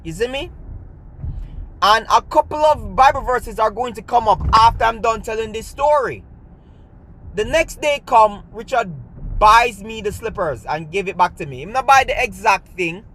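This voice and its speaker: Telling a personal story chattily, a Jamaican-accented man who is a storyteller and gymnastics coach weaves in patois and keeps asking "you see me?" His voice sits high and sounds expressive, bright and forceful, at a normal speed.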